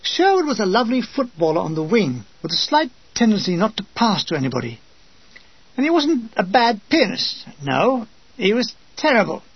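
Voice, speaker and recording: A man reading his own wartime memoir with dry, deadpan comic timing. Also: high voice, normal speed, husky, no echo, highs cut off. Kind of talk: comic audiobook narration.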